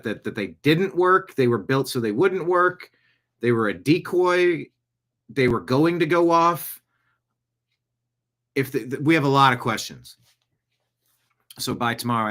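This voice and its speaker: A man's voice: mid-range voice, fairly bright tone. Rambling male podcast host, live chat. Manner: rambling, digressive, jokey asides. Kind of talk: casual live-show monologue.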